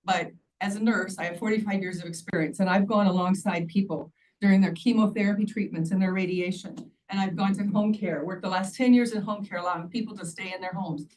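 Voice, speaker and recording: A woman in her sixties gives earnest, pleading testimony as a public commenter at a county hearing, recorded in the meeting room on a distant mic with faint background noise. Her medium-pitched, darkish voice is brisk, with few pauses and fairly even intonation.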